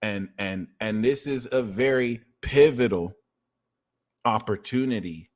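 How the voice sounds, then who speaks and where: A man hosting an astrology reading livestream, talking in an animated, profane rant and sometimes shouting. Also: lowish voice, unhurried. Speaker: astrology reader.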